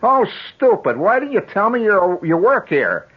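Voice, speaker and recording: A man doing a shrill, scolding store clerk lady. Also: sing-song, moderate pace, slightly rough, full character voice. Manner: scolding, impatient. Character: brusque middle-aged woman clerk at service cage. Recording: dull 1970s radio broadcast.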